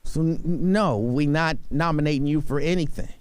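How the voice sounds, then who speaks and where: Speaking from a studio at a moderate pace, a male talk radio host delivers an opinionated monologue, arguing emphatically and repeating himself to drive the point home. His voice is a little high and clean-toned, with no echo on the studio microphone.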